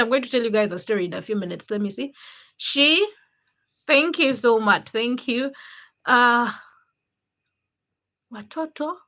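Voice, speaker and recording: A woman's voice: a little high, unhurried, long pauses, pushed and bright. A woman from Uganda, chatting casually on her livestream, greeting viewers by name and teasing them. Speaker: livestream host. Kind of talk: casual live stream chat reading viewer comments.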